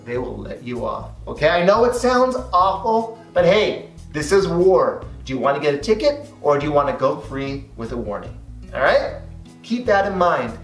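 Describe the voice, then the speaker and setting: A man's voice: fairly high pitch, big pitch swings, moderate pace, roomy sound, distant mic, faint music behind. A man teaching listeners how to talk to police officers, speaking in an emphatic coaching way and acting out lines he quotes. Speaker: hypnotist teaching verbal techniques. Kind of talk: direct-to-camera instruction.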